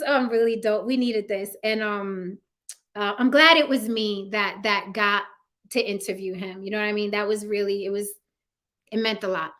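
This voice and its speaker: A woman's voice: mid-range voice, fairly bright tone. A young woman hosting a livestream, chatting casually, laughing and reading out comments from her viewers, teasing them in slang. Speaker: livestream host. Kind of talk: casual livestream sign-off, talking to chat.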